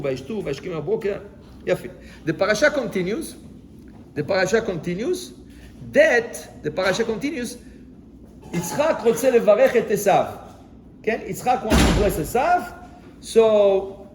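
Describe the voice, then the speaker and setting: A man, a rabbi teaching a Torah lesson in mixed Hebrew and English, animated and acting out the quotes. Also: high-pitched, slight background noise.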